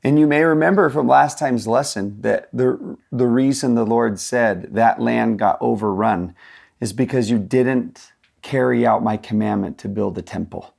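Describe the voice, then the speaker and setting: Gravelly-voiced man co-hosting casually. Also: medium pitch, measured pace, darkish tone. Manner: conversational, thinking aloud with filler words. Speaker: co-host of a scripture study show. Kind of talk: casual scripture discussion.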